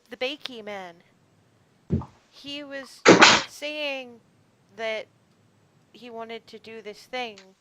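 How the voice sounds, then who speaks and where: A woman voicing a naive young woman raised in a shrine, giving gentle advice in a rambling, childlike way. Her voice is bright and somewhat high, and she takes her time, circling back as she searches for the right words. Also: a little hiss or hum, poor audio. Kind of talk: tabletop role-play in character.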